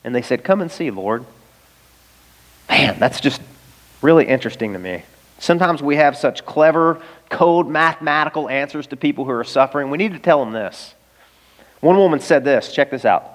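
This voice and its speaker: A man preaching in a slightly high voice, earnest and emphatic, pressing his points with rhetorical questions. His words ring out through the long reverb of a large church sanctuary. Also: expressive, brisk. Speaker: pastor. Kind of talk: sermon.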